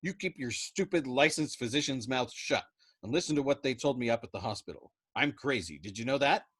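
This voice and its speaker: A man's voice: mid-range voice, animated, fairly quick, fairly bright tone, husky, pitched above the performer's own voice. A man voicing a frantic young airman who argues emphatically. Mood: agitated. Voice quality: emphatic, agitated. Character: frantic young male bombardier.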